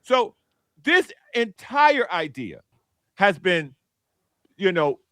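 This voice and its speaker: A man from Chicago on a sports podcast, telling a story in a lively, mocking way and doing little impressions of people. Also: high voice, drawn-out words, no room sound, clean studio sound. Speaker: podcast panelist. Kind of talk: casual sports chat.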